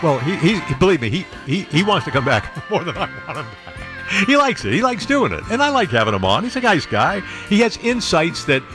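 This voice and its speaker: Man, radio disc jockey, wisecracking banter, slightly high voice, faint music behind. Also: sing-song, brisk. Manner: wisecracking, reads listener messages aloud with playful asides. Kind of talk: live radio show banter.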